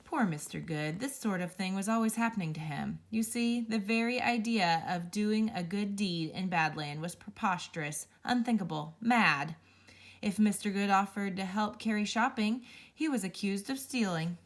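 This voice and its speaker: A woman reading a children's picture book aloud, telling it with playful, expressive storytelling. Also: medium pitch, normal speed. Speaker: storybook reader.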